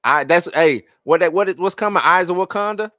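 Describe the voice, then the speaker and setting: A man's voice: sits high, fairly quick, sharp tone, dry recording, clean studio sound. A man co-hosting a casual podcast, teasing and emphatic in his banter. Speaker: podcast co-host.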